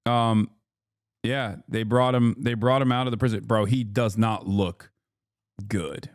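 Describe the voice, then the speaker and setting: A man's voice: lowish voice, fairly even intonation, measured pace, no echo, clean studio sound. A man in his thirties commenting on a livestream, profane and heated, mocking with sarcastic mimicry and bursts of laughter. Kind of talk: reacting to clips and articles on stream.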